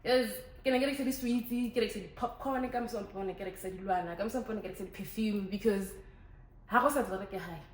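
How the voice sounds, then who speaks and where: Young woman, casual chat to camera, animated, echoey room. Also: medium pitch, a little fast. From Botswana. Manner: chatty, animated, switches languages. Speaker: vlogger. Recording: echoey room, faint ambient noise.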